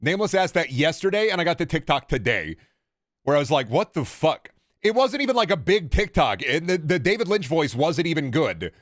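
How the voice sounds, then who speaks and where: A man's voice: a little high, big pitch swings, a little fast, a bit bright, dry recording, studio quality. A man streaming a game with casual, sarcastic joking commentary.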